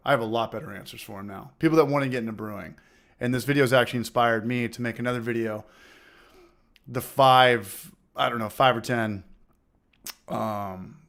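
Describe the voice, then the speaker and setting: A man hosting a casual homebrewing livestream with a loose, profane manner, repeating phrases, giving shout-outs and now and then fighting off a smoker's cough. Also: mid-range voice. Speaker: livestream host of a homebrewing channel. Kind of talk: casual livestream chat, reading out viewer comments.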